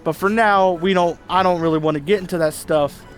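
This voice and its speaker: A chatty man talks through a video game in loose, rambling commentary, often laughing along. His voice sits a little high. Quiet game music runs beneath him. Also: a little fast. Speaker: gaming channel host. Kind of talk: casual let's-play commentary. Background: faint game music.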